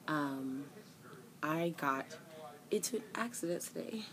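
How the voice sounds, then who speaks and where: A young woman tells a story to her camera in an exasperated rant. Her voice sits a little low, and it jumps up sharply when she imitates the other people in the argument. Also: expressive, a little slow, a bit bright, low-quality recording. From New York. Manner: exasperated storytelling, acts out both sides of an argument in raised voices. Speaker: vlogger.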